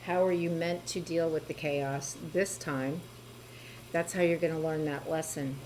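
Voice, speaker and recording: A woman with a fairly low voice talks through a tarot reading in a gentle, reassuring way. She adds small asides to the listener as she goes. A faint hiss sits under her voice. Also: fairly even intonation, measured pace, rough recording. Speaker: tarot reader.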